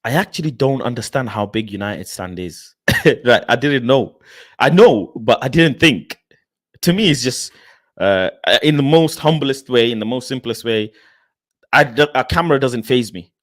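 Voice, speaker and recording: Expressive young man chatting on a stream. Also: medium pitch, moderate pace, no echo, clean studio sound. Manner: animated, expressive, laughs often, addresses viewers by name. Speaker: livestream host reading chat. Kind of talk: casual livestream chat.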